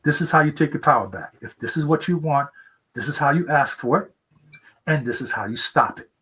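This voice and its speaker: In a conversational interview over a remote mic, a seventy-something male author earnestly tells stories, voicing the people he quotes in a high, raised voice. He sounds expressive and a bit bright with a breathy edge, speaking fairly quickly, and the audio is poor.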